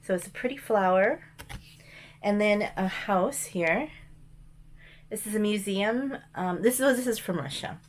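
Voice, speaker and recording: A woman's voice: medium pitch, a little hiss or hum. A woman chatting casually as she shows mail and thrift finds, rambling with frequent ums and restarts. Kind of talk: casual show-and-tell chat.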